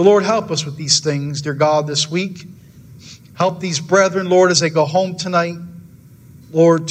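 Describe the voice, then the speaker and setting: Earnest high-voiced man preaching. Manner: earnest, repetitive preaching with frequent "Lord" and "dear God". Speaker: pastor. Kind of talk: sermon and closing prayer. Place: church.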